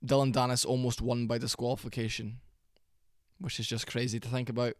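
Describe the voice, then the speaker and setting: A young man giving a casual, rambling reaction commentary, tired and low on energy, with fillers and swearing. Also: level tone, fairly quick, dry recording, clean studio sound. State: sleepy, worn out. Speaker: MMA reaction channel host.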